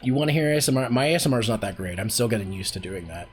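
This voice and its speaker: A man's voice: fairly low pitch, animated, rapid-fire, breathy edge. A man hosting a casual voice acting workshop on a stream, talking in a rambling way with lots of fillers and restarts. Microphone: desk streaming mic.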